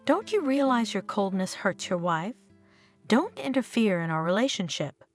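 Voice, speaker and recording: A woman's voice: mid-range voice, sing-song, normal speed, soft background music, lightly acted. A woman reading the part of a resentful, short-tempered married man. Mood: angry. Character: irritable married man, grown son.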